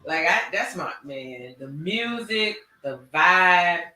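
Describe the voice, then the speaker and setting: Animated slangy guy chatting, high bright voice, echoey room. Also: takes it slowly, distant mic. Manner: animated, drawling storyteller with Southern slang. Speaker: podcast host. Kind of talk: casual chat.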